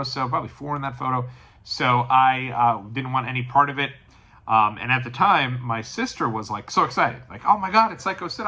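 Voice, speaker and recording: Man, 30s, wrestling host. Bright, forceful voice, animated storytelling with quiet asides. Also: medium pitch. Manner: animated, drops to quiet asides, acts out quotes. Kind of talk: casual storytelling tribute.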